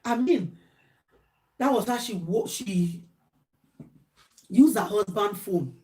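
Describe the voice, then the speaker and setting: A woman's voice: mid-range voice, lively intonation, takes it slowly, darkish tone. A Nigerian woman vlogger telling a gossip story during a mukbang, mimicking the people in it. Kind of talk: chatty storytelling while eating.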